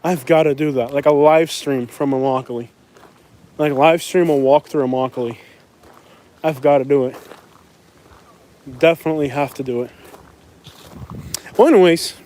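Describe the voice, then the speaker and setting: A man from Florida with a Florida accent rambles through a casual live stream while walking outside at night. His voice sits a touch high, and he laughs often as he chats along. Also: normal speed, long pauses, a little mellow. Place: outdoors at night in a small town.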